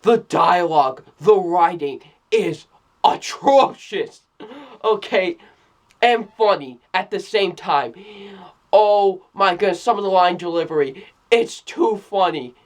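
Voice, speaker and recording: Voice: medium pitch, animated, takes it slowly. A film reviewer in a casual spoken review who keeps exclaiming, repeats phrases, restarts sentences and often breaks into laughter. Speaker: movie reviewer.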